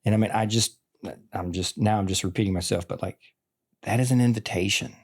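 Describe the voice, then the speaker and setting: Veteran teacher, male, forties, low-pitched, earnest and rambling in relaxed conversation. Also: brisk. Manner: earnest, rambling, full of "like" and "I mean". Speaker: teacher and podcast guest. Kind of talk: casual conversation.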